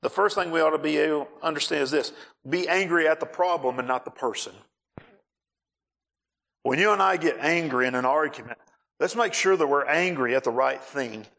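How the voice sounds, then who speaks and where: A male pastor preaching a sermon on marriage, animated, acting out scenes and raising his voice for emphasis. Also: a little high.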